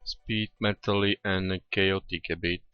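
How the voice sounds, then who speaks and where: A man with a deep voice talks slowly and casually on a live coding stream. English is not his first language, and he stops often to restart with fillers. Faint music plays behind him. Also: level tone, clear, resonant tone, highs cut off. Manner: hesitant, many restarts and fillers. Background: faint music playing.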